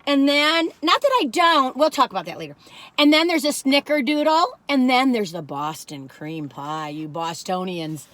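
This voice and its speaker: A woman talks to her viewers like old friends in a cookie-review vlog. Her voice sits high, and she is folksy and quick to giggle, humming little jingles between thoughts. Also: lively intonation, fairly bright tone, no room sound. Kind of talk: chatty cookie-tasting vlog.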